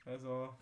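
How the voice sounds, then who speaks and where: A man co-hosting a casual podcast, talking loosely and breaking into loud, laughing exclamations. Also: mid-range voice. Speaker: podcast co-host. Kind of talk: casual chat.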